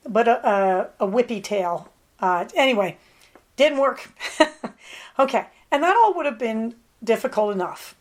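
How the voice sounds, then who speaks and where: A woman hosting a podcast, telling a long casual story in a chatty, rambling way, with quick asides to her dog. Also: medium pitch. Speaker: podcast host. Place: at home on a ranch.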